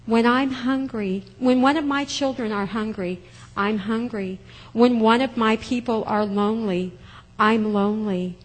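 A woman voicing a kind, sick king who explains things gently and patiently in a storybook tale. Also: fairly high pitch, measured pace. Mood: gentle. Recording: long hall reverb.

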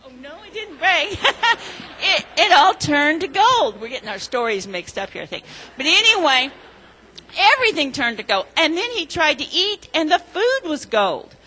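A woman leading a children's sermon, telling a story gently and asking the children questions. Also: high voice, sing-song, moderate pace, poor audio.

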